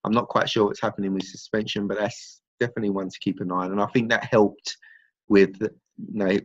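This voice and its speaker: A man walks through figures in a relaxed, explanatory way with loose everyday grammar. His voice sits fairly low. The recording is dry and close, with a dull, lo-fi tone. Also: brisk, no echo. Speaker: trading strategy presenter. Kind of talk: casual explanatory talk.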